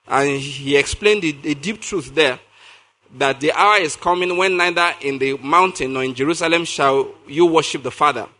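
Emphatic preacher man, high bright voice. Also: moderate pace. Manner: emphatic, repeats key phrases, asks the audience questions. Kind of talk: sermon reading and explaining scripture.

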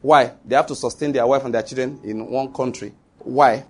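A middle-aged man preaching a sermon, emphatic, asking his congregation questions and dropping to hushed, slow tones for quoted lines. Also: mid-range voice, fairly even intonation.

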